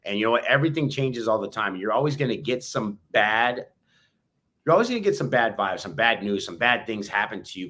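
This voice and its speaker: A man's voice: medium pitch, fairly bright tone. A man co-hosting a motivational podcast, talking emphatically and repeating his points like a pep talk. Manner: emphatic, preachy, repeats phrases. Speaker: podcast co-host.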